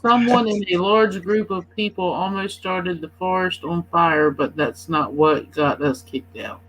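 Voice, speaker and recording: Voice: mid-range voice, a little slow, a bit bright, low-quality recording. Playful chatter egging others on. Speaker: podcast regular. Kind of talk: casual chat.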